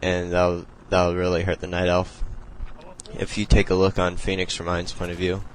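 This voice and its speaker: A young man with a deep voice and very little rise and fall talks through a strategy game replay at home. His explaining is loose and rambling, full of fillers and restarts. A faint hiss sits under the recording. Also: completely flat delivery, moderate pace, low-quality recording. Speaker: replay commentator. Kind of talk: casual strategy game commentary.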